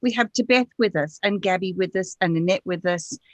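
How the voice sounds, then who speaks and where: A woman hosting a live stream, welcoming viewers in a soft, unhurried way with frequent hesitations. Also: lowish voice, no room sound. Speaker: host. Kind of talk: casual chat.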